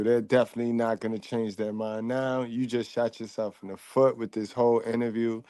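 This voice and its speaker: Mellow-voiced man riffing with laughs. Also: medium pitch, little pitch movement, fairly quick, few pauses, clean tone, no room sound. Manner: joking, teasing, slangy. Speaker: commentator reacting to a clip. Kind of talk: casual reaction commentary.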